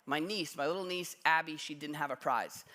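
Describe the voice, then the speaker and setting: Bright-voiced man preaching, lightly humorous. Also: on the high side, brisk. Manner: conversational storytelling with self-deprecating humor. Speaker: pastor. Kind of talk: sermon. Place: church sanctuary.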